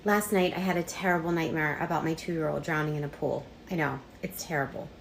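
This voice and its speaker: A woman's voice: sits low, fairly even intonation, a little fast, creaky, slight background noise. A mother speaking directly to her viewers, chatting as she tells a story about her children. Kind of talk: casual storytelling to camera.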